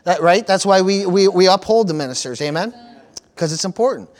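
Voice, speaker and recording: A high-voiced pastor delivers his sermon briskly and with lively intonation. He draws the congregation into call-and-response, offering amens and praise-the-Lords and hammering home points by repeating phrases.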